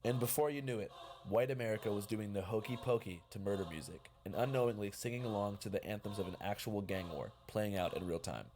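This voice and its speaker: Low-voiced male documentary narrator. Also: quick pace, background noise. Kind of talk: scripted narration.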